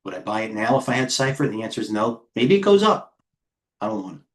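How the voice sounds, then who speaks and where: A middle-aged man hosting live trading commentary, firing off clipped ticker call-outs and excitedly talking to himself as he trades. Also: lowish voice, fast. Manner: talks to himself while trading. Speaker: head trader hosting a market livestream.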